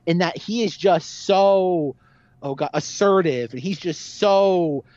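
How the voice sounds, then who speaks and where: A man's voice: high-pitched, slow, dry recording. Rambling man, dull dry recording. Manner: rambling, filler-heavy, animated. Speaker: podcast co-host. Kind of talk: casual movie discussion.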